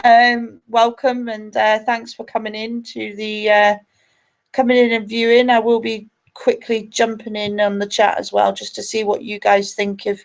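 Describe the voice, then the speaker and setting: A woman's voice: fairly high pitch, little pitch movement, moderate pace, vocal fry. A woman hosting a live stream, angry, sweary and ranting. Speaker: livestream host.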